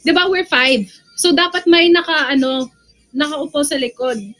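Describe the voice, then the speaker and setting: A young woman with a Filipino accent, telling a story to her livestream viewers in animated Taglish and calling them bestie. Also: high voice, normal speed, low-quality recording. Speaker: livestream personality.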